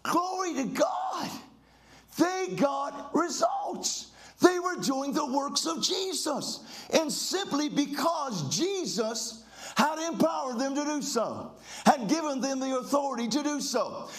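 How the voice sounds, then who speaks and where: A man's voice: very high-pitched, lively intonation, measured pace. A pastor preaching a fervent sermon, full of exclamations and leading his congregation in call-and-response.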